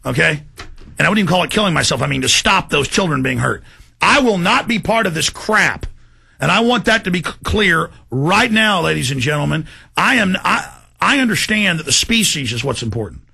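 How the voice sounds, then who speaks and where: A man's voice: a little high, lively intonation, fairly quick, gravelly, husky. A man hosting a talk show, ranting in an impassioned monologue to his listeners. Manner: ranting, shouts in bursts, addresses folks directly.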